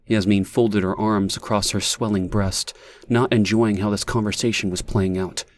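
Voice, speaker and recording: A man reading an audiobook in a measured, even manner, as the narrator. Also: on the low side. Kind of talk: scripted narration.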